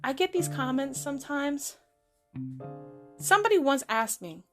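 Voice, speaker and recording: A woman hosting a podcast, telling a story in a sassy, animated way with playful slang. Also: high-pitched, moderate pace, music in the background. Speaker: podcast host. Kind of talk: casual storytelling monologue.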